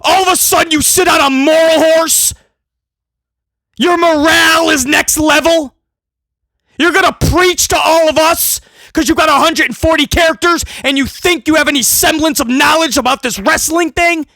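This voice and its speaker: A man giving a heated, sarcastic wrestling rant that often breaks into shouting. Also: extremely high pitch, normal speed, no room sound. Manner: ranting, sarcastic, shouting at times. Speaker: wrestling commentator.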